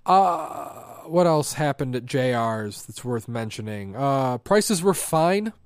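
A man co-hosting a casual podcast, chatting in a dry, deadpan joking manner. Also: mid-range voice, slow, smooth, dry recording. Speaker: podcast co-host. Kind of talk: casual chat. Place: lives in Michigan.

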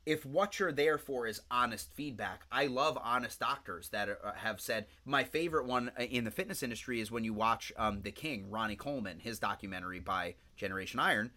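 A man co-hosting a podcast in casual chat, telling stories in a rambling, profane, animated way. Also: mid-range voice, fairly quick, hardly any pauses. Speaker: podcast co-host.

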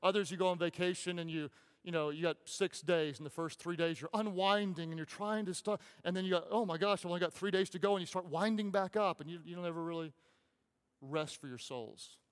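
A man preaching as a pastor, impassioned, repeating phrases and dropping to soft, slow pauses. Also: a little high, clean tone. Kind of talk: sermon. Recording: long hall reverb.

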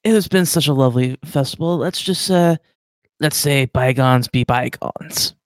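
A player speaking in character with a courtly, drawn-out delivery. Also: medium pitch, no echo. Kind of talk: in-character role-play.

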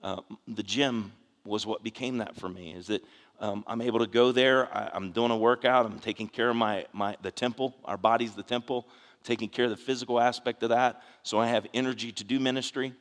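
A man's voice: mid-range voice, fairly even intonation, a little fast. A male pastor preaching in a church sanctuary, in a mid-range voice that trails off into a long reverb. His sermon is conversational and earnest, full of restarts and asides to the congregation. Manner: earnest storytelling, frequent restarts and "you know".

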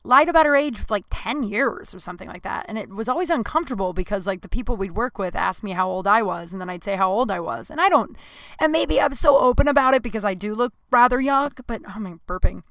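A woman's voice: medium pitch, expressive, fast talker, a bit bright, no echo. A woman in her late thirties talking nervously in a rambling, flustered monologue, swearing freely. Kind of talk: casual confessional monologue.

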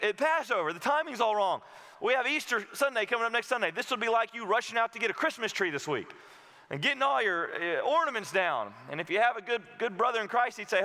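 A male pastor preaching with a bright, forceful voice pitched a little high. He swings between low, explaining passages and loud, emphatic peaks. His voice rings out with a long reverb. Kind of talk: sermon.

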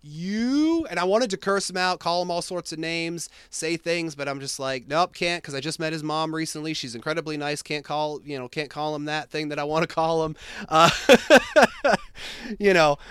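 A young man telling a personal anecdote in casual chat, animated and full of fillers and restarts. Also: on the high side, brisk, smooth, no echo, clean studio sound. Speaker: storyteller in a conversation.

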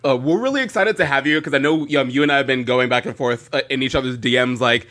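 A man's voice: medium pitch, fast, a bit bright. A young man hosting a podcast, upbeat and enthusiastic, with casual swearing. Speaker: podcast host.

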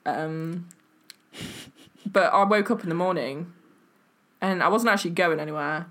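A woman's voice: lowish voice, unhurried, fairly bright tone. An English woman co-hosting a podcast, telling stories in casual chat, full of likes and ums and laughing along. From England. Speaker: podcast co-host. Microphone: webcam setup, remote call.

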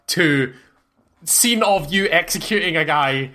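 A man in casual podcast chat about a game, talking in a fast, exasperated ramble with swearing. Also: a little high, sharp tone. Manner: exasperated, profane, rapid rambling. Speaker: podcast co-host.

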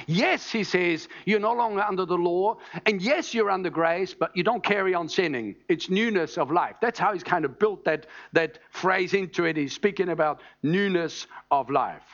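A man's voice: a little high, moderate pace, lo-fi sound. A man preaching a sermon in an emphatic teaching manner, often checking in with the congregation. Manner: emphatic, teaching, asks "All right?" often.

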